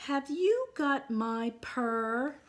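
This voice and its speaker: A woman voicing a small, sad, determined kitten with a high, plaintive voice in a storybook reading. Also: sing-song, extremely slow, full character voice. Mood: pleading.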